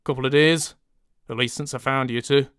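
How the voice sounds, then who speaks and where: A man voicing a gallant male centaur with a low, warm voice and a light Northern English accent, swallowing some consonants. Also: steady tone, moderate pace, smooth, no room sound, studio quality, natural voice. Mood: gallant, friendly. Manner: dropped consonants, low and easygoing.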